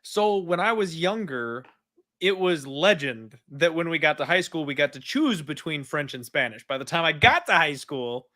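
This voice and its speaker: A man's voice: fairly high pitch, expressive, normal speed, sharp tone. A young man from Arizona co-hosting a podcast, chatting in an upbeat, self-mocking way. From Arizona, USA. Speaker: podcast co-host. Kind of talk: casual chat.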